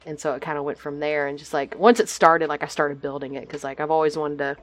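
A woman from Texas, a guest on a podcast over a video call, chatting casually with lots of fillers and quick laughs. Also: sits low, fairly even intonation, no echo. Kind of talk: casual chat.

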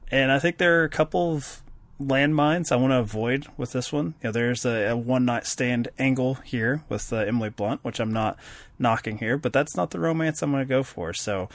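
A man's voice: medium pitch, fairly quick, no room sound. A man co-hosting a podcast, chatting casually in a rambling, self-deprecating way with lots of fillers. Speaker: podcast co-host. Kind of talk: casual chat.

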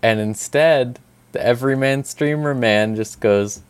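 A man co-hosting a casual podcast chat, telling stories in a rambling, animated way with lots of fillers and swearing. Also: lowish voice, normal speed, smooth. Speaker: podcast co-host.

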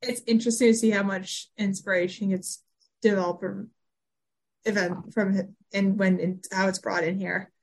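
A woman's voice: medium pitch, normal speed, vocal fry. A woman co-hosting a podcast, chatting casually about a TV episode and acting out characters' lines as she goes. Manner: animated, acts out lines from scenes. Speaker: podcast co-host. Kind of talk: casual chat recapping a TV episode.

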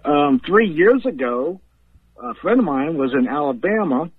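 A man's voice: a little high, lively intonation, unhurried, husky, no room sound. Male guest, rambling laughing storyteller, phone-line sound. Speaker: guest paranormal investigator. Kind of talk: casual storytelling on a podcast.

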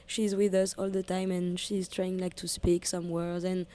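Young french woman, strong french accent, radio guest, mellow warm tone, relaxed and hesitant. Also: lowish voice, moderate pace. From France. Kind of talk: casual interview.

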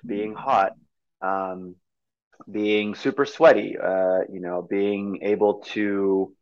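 Deep-voiced man explaining movement. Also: no echo, lo-fi sound. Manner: enthusiastic, explanatory, many fillers. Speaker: movement coach, guest. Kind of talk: conversational interview.

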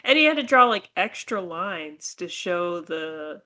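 A woman's voice: lowish voice, very animated, unhurried, pushed and bright. A woman co-hosting a casual book discussion, making sarcastic, playful remarks. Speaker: podcast co-host. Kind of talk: casual book review chat.

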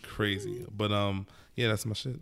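A laid-back man talking casually on a podcast, with relaxed slang. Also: on the low side, moderate pace, gravelly. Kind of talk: casual chat.

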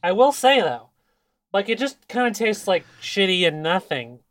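A young man co-hosting a casual chat, animated and profane and laughing often. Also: high-pitched, normal speed, dry recording. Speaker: podcast co-host.

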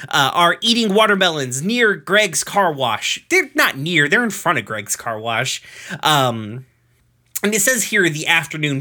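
A man casually recapping a cartoon episode on a podcast, loose and profane, with lots of fillers and quick asides. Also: fairly high pitch, sharp tone.

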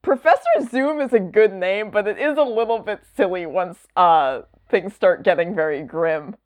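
A woman's voice: mid-range voice, normal speed, a little mellow, dry recording. A woman chatting casually, rambling with lots of fillers and wry asides. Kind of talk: casual chat.

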